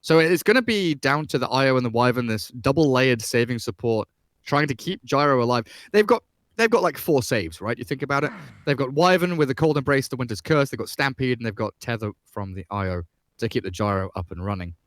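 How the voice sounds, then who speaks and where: A man casting an esports match, calmly breaking down the picks and strategy at length in casual commentary. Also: mid-range voice, a little fast, dry recording. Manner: analytical, explains drafts at length. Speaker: esports caster.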